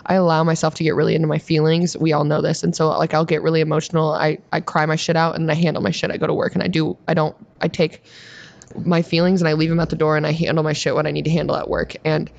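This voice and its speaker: A woman's voice: sits low, flat delivery, gravelly, darkish tone, muffled recording. A woman in her twenties, a podcast guest, telling stories in a blunt, profane, casual way. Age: 20s. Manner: blunt, profane, rapid storytelling. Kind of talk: casual chat.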